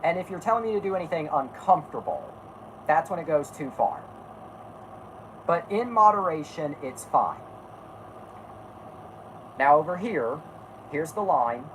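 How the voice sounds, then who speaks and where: A woman's voice: low voice, animated, a little slow, pauses often, slight background noise, low-quality recording. A woman hosting a casual podcast, talking bluntly and rambling, stopping to correct herself and swearing freely. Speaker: podcast host. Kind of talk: casual chat.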